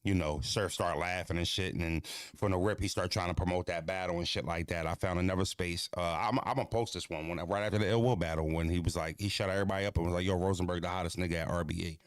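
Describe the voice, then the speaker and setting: A man's voice: deep voice, steady tone, fast, clear, resonant tone, no room sound. A young man hosting a livestream, joking loosely and profanely, laughing and roasting his chat. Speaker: livestream host.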